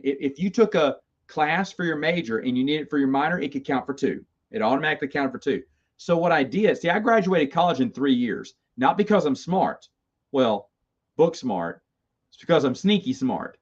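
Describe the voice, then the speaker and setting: A middle-aged man casually telling stories about his college days, rambling and self-amused, with stammered restarts. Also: medium pitch. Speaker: host. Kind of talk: casual storytelling. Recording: slightly dull lo-fi sound.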